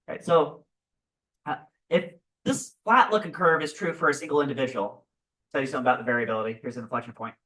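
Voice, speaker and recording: A male physics teacher giving a classroom lecture, animated and constantly checking in with "right?". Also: mid-range voice, quick pace, distant mic, poor audio. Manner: animated, keeps asking "right?".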